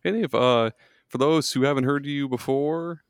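A man's voice: medium pitch, normal speed, dry recording, clean studio sound. A man hosting a gaming podcast, laid-back and teasing his guests with a laugh. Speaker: podcast host. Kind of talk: casual podcast chat.

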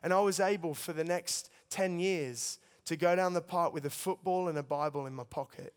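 Young male preacher, storytelling testimony, smooth and resonant, big reverberant hall. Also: fairly high pitch, moderate pace. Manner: storytelling, earnest, addresses listeners as guys. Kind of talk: sermon testimony.

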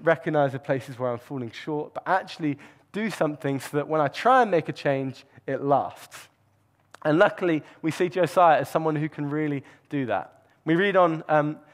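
A man preaching with an earnest, reflective manner. His voice sits a little high for a man. He pauses with fillers and restarts as he thinks aloud. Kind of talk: sermon.

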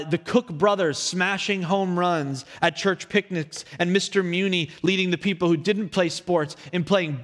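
A young man preaching from the pulpit with a fairly high voice, the sound carrying through a reverberant church hall. He tells personal stories in an animated way and now and then slips into his younger self's voice. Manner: storytelling, animated, acts out his younger self in quotes. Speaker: pastor. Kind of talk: sermon. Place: church sanctuary. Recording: echoey hall.

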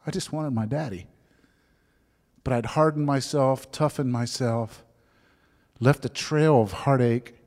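A middle-aged man preaches a personal testimony from the front of a church. His middle-pitched voice rings with a long reverb off the hall walls. He moves between animated storytelling and hushed, whispered confession. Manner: storytelling, drops to soft whispers at emotional moments. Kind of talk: sermon testimony.

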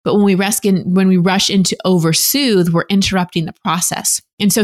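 Earnest woman coach explaining. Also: on the low side. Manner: earnest, teacherly, acts out example voices. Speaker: relationship coach, podcast guest. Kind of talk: explanatory interview answer.

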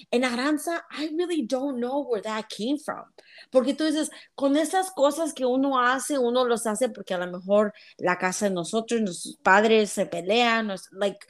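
A woman in her twenties chatting casually and candidly, switching between English and Spanish, swearing freely. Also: fairly high pitch. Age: 20s. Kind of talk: casual chat.

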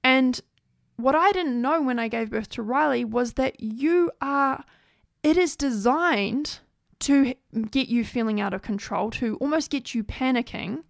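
A woman's voice: sits high, measured pace, vocal fry, dry recording, clean studio sound. A woman host telling a personal story in an earnest, chatty way, often saying "like".

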